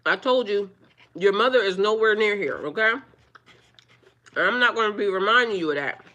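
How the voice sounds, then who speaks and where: A woman talking live to her viewers, firmly scolding trolls in a preachy, drawn-out way. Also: medium pitch, bright, forceful tone. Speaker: livestreamer. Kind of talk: live-stream chat with viewers.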